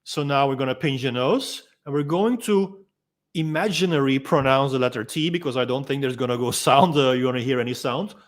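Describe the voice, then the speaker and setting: A freediving instructor calmly explaining and demonstrating techniques in a gentle, unhurried way, pausing often with ums. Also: male voice, mid-range voice. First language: Dutch. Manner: calm, gentle explaining with frequent ums and pauses.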